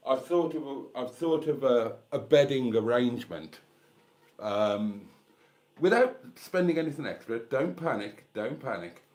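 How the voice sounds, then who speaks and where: A middle-aged man from England hosts a relaxed evening chat for his viewers, sipping wine as he talks. His delivery is camp and theatrical, full of cheeky asides, and his voice sits at an ordinary middle pitch. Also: measured pace. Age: 50s. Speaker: channel host.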